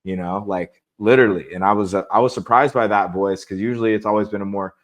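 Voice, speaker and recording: Low, flat-voiced man talking candidly. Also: fast. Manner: relaxed, candid, rambling with restarts. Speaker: podcast guest, jiu-jitsu competitor. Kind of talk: casual interview talk.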